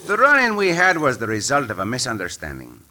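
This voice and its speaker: A man's voice: mid-range voice, huge pitch swings, quick pace, sharp tone, a little hiss or hum, heavily acted. The Cisco Kid, a man doing a suave caballero hero. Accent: put-on Spanish accent. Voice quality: formal, precise, explains words patiently. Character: dashing Mexican caballero hero, suave and patient. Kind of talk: 1950s radio drama acting.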